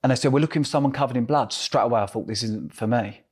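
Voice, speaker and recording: A man's voice: medium pitch, quick pace, darkish tone, slightly rough. A middle-aged man with an Essex accent, an interview guest telling his story animatedly and acting out the voices of others. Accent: Essex English. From England.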